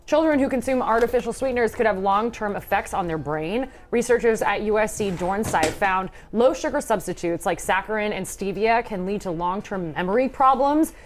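A woman co-hosting a TV news talk show, reading health news and viewer comments in a brisk, upbeat way. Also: medium pitch, lively intonation, a little hiss or hum. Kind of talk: news reading and studio banter.

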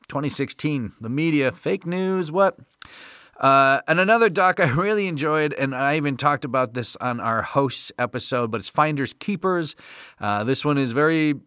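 A man's voice: mid-range voice, a bit bright, dry recording, studio quality. A man hosting a podcast, talking in a casual, upbeat, rambling way with many fillers. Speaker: podcast host.

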